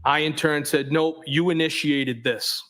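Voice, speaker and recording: A man on a witness stand reads a string of text messages aloud, line by line. His voice sits a touch high for a man, and his delivery stays flat and methodical. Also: measured pace. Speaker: trial witness.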